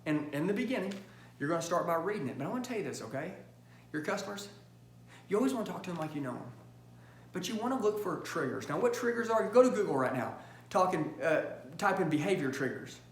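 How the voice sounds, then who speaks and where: Emphatic high-voiced male sales trainer. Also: big pitch swings. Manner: emphatic, punchy, keeps checking in with the audience; acts out phone calls in quick bursts. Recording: roomy echo with faint hum.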